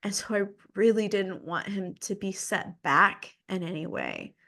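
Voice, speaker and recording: Slow-talking woman podcast host. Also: mid-range voice, bright, forceful tone. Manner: earnest, emphatic storytelling. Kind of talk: casual conversation.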